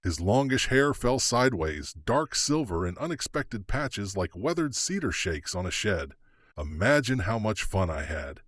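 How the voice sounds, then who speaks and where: A man's voice: lowish voice, sing-song, measured pace, a bit bright. A man narrating a legal thriller audiobook in a dramatic, suspenseful reading. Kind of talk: scripted narration.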